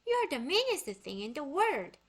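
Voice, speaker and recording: A woman reading a storybook aloud, voicing an eager, spunky young girl with a raised, excited tone; her first language is Korean. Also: high voice, measured pace, voice pushed up, exaggerated voice. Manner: bright, excited and pleading.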